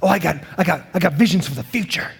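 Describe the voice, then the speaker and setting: A man's voice: fairly high pitch, fast talker, vocal fry, husky, full character voice. A man putting on a mumbling young dreamer. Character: vague young male would-be visionary.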